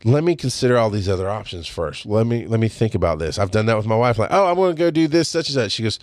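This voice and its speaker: A man's voice: lowish voice, animated, quick pace, a little mellow, no echo, studio quality. A middle-aged man hosting a podcast, speaking bluntly in a casual, profane monologue. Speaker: podcast host.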